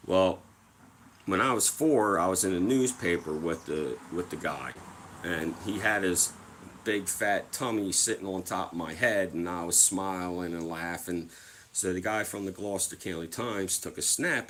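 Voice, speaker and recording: A man's voice: low-pitched, fairly bright tone. A young man telling stories casually to his viewers, swearing freely and acting out other people's voices. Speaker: livestreamer.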